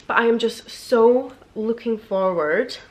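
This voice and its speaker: A young woman with a British accent, chatting excitedly through an unboxing vlog, gushing and filling her talk with "like". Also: a little high, slow. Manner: gushing, chatty, many fillers like "like". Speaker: beauty and lifestyle vlogger.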